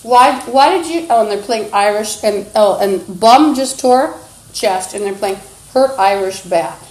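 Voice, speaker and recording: A woman's voice: medium pitch, unhurried, a little mellow, roomy sound, low-quality recording. A woman livestreaming, ranting in an agitated, insulting, accusatory way into a phone. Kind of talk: rambling livestream rant.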